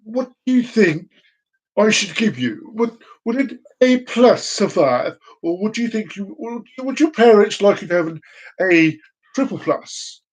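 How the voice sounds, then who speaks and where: A man's voice: high voice, expressive, measured pace, rough recording. A man voicing a fawning male teacher who hesitates and bargains with a pupil over grades. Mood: wheedling. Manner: wheedling, hesitant with many ums.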